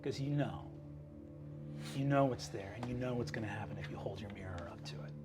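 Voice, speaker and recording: Brief: mocking shadow cat devil woman, voiced by a man, hushed and teasing, over a music bed. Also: mid-range voice, animated, moderate pace, natural voice. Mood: conspiratorial. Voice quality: hushed, breathy whisper. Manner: teasing, needling, calls listener kid. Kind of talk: tabletop game role-play.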